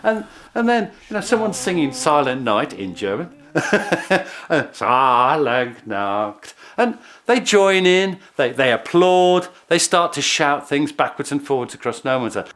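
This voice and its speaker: A man, a historian telling the story in an animated way with frequent restarts. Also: a little high, measured pace. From Britain. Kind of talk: documentary interview.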